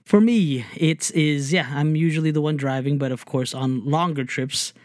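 A man's voice: on the high side, steady tone, normal speed, no room sound. Chuckling man in a dry room. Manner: chuckling, easygoing. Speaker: podcast co-host. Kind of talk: casual chat.

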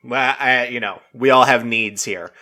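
Man, casual recap chat, rambling, heavy filler words, swearing, bright tense tone. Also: mid-range voice, measured pace. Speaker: reality TV recap vlogger.

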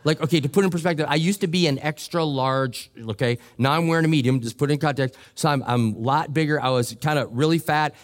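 A middle-aged male pastor preaching a sermon, telling a joking, animated story with quoted voices. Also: on the high side, fast, hardly any pauses. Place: church sanctuary.

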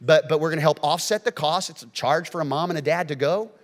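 A man preaching a sermon as pastor, telling stories with lively swings between loud and hushed delivery. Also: fairly high pitch, fast talker. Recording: long reverb of a church hall.

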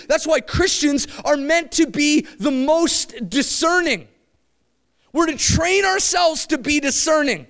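A man preaching a sermon to his church, animated and conversational, slipping into quick quoted voices. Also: very high-pitched.

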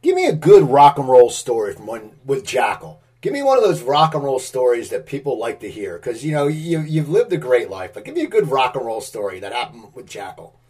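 Husky man asking interview questions. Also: medium pitch, sing-song, a little fast, few pauses, a little mellow. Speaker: podcast host.

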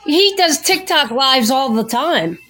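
A woman's voice: high voice, expressive, slow, sharp tone. A woman calling in to a radio show, rambling a little unsurely. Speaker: caller. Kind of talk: casual call-in chat.

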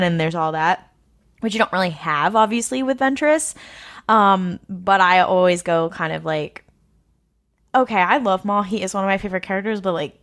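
A woman in casual, rambling fan chat, excitable and swearing often. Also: on the low side.

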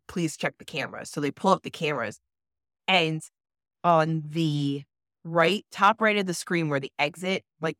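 A woman with a low voice tells a ghost story in an animated, casual way and swears freely. The sound is dry and close. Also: no echo. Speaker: podcast co-host. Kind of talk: casual chat.

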